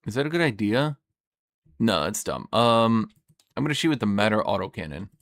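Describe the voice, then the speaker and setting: A man's voice: lowish voice, sing-song, moderate pace, creaky, a bit bright, dry recording. A man playing a tabletop wargame, thinking aloud, counting dice and swearing at his own mistakes. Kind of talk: casual play commentary.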